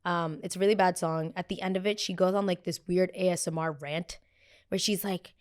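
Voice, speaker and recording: A young woman hosting a pop culture podcast in a blunt, gossipy, animated chat style. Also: mid-range voice, quick pace. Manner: animated, gossipy and blunt, with frequent quoted voices. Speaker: podcast host.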